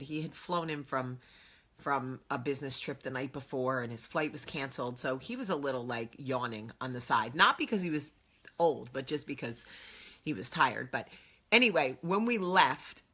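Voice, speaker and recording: A woman in her thirties, a vlog host telling chatty, animated stories about her family. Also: low voice. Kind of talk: casual chat.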